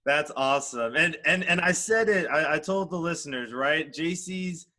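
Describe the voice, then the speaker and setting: A man's voice: a little high, normal speed, sharp tone. A man hosting a casual interview podcast, recapping the guest's story and chiming in often. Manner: chimes in with short backchannels, finishes guest's sentences. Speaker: podcast host.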